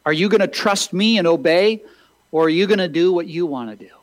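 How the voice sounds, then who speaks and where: A man's voice: high voice, brisk, no echo, voice pushed up, close to an everyday voice. A man preacher voicing an earnest man who presses a follower with repeated questions. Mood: urging.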